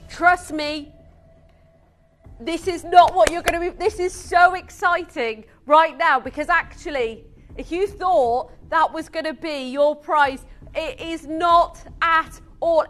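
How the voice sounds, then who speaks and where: A woman presenting live on a shopping channel, gushing with excitement and rattling off buyers' names as she pitches.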